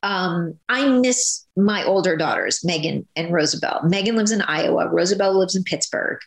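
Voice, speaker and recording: A woman in her fifties talks in a gravelly, slightly low voice, rambling and animated with many restarts. She is an actress guest in a casual interview. The sound is echoey, as in a bare room. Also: normal speed. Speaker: soap opera actress guest.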